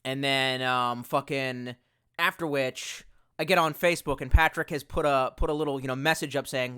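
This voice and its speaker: A man's voice: fairly high pitch, normal speed, pushed and bright, clean tone. A young man hosting a casual livestream in a rambling, profane, exasperated way, talking into a headset. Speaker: livestream host. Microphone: bluetooth headset.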